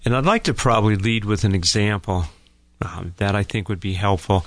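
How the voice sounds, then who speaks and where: A middle-aged man with a low voice hosts a radio talk segment. He is a couples therapist who tells stories in a calm, folksy way. The sound is dry and close, with no room around it. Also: brisk, no room sound. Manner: calm, folksy storytelling that addresses listeners as folks.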